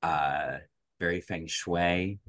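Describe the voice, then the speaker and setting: A man's voice: deep voice, takes it slowly, fairly bright tone, no echo. A man co-hosting a podcast in casual chat, rambling along with lots of fillers and restarts. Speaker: podcast co-host.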